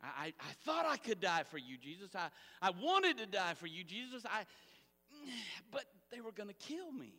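A stammering, ashamed disciple pleads in a high, bright voice, as a preacher acts him out. The words echo through a large hall with long reverb. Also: male voice, very animated, normal speed, full character voice. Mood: pleading. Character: earnest, boastful male disciple, later ashamed.

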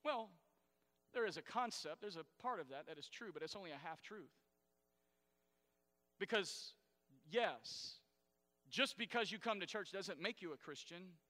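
A man preaching a sermon as pastor, swinging between loud emphatic lines and quiet asides to the congregation. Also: high-pitched, lively intonation, a little slow, long pauses. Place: church sanctuary. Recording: echoey hall reverb.

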